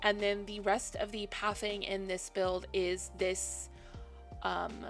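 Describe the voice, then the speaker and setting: A woman's voice: medium pitch, flat delivery, takes it slowly, soft background music. A woman casually narrating a game build in a chatty, self-deprecating voice-over, sleepy and yawning, laughing often.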